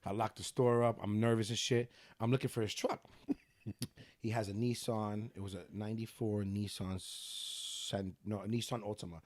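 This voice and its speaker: A young man, telling a story as a podcast guest in an animated, laughing, profane way. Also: on the low side, normal speed. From New York City. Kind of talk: casual storytelling.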